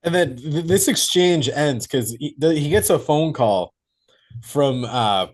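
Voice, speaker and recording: Man, podcast co-host, casual movie chat, animated, lively pitch, acts out scenes. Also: a little slow. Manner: animated, acts out scenes in put-on voices, swears freely.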